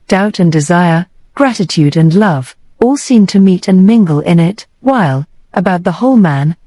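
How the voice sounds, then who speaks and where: A woman narrates a classic novel as an audiobook in a measured, expressive reading. Her voice is low and mellow. The recording is dry and close. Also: no room sound, poor audio.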